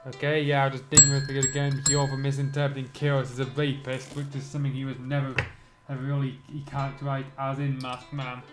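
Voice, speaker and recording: A man's voice: medium pitch, completely flat delivery, fast talker, music in the background, low-quality recording. A man reading a story aloud and mocking it with sarcastic asides, now and then losing his place. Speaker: reader and reviewer. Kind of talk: sarcastic dramatic reading with commentary.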